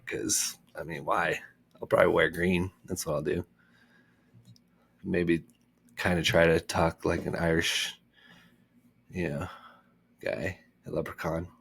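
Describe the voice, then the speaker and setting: A man's voice: low-pitched, gravelly, husky. A man who hosts a reading channel, chatting casually after a chapter in a rambling, joking, self-mocking way. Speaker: book reader and channel host. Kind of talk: casual chat after a read-aloud chapter.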